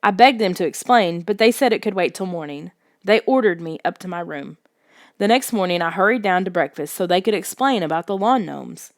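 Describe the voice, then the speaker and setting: A woman narrating a children's story in the first person with expressive storytelling. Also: lowish voice, brisk, dry recording, clean studio sound. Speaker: audiobook narrator.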